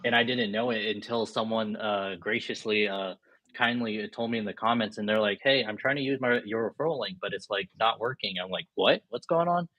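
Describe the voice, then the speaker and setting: A man's voice: fairly low pitch, fairly quick, no echo. A young man in his twenties telling stories casually as an interview guest over a video call, laid-back, often quoting himself. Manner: laid-back, frequent uh fillers, quotes himself. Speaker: guest, credit card YouTuber. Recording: dull lo-fi video call audio.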